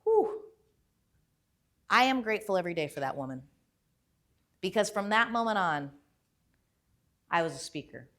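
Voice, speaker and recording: A woman motivational speaker telling a story in a lively way. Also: on the low side, a little fast, pauses often. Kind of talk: motivational talk.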